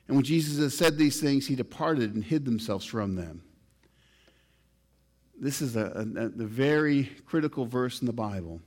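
Reading scripture during his sermon, this male pastor speaks at a normal speed in an animated way. He lets his voice climb and drop in pitch and loudness to stress key points.

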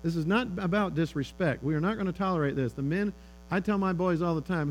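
A man's voice: fairly high pitch, fast talker, low-quality recording. A middle-aged man giving a conversational talk to parents, telling stories and acting out the lines of the people in them. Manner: conversational, animated storytelling with quoted dialogue. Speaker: speaker on fatherhood. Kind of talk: sermon-style talk to parents. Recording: faint electrical hum.

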